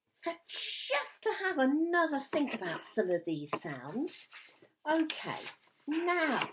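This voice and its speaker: A woman's voice: medium pitch, a bit bright, a little hiss or hum, poor audio. A woman teaching a recorded music lesson to young children at home, in a sing-song, encouraging way that draws words out. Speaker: primary school music teacher.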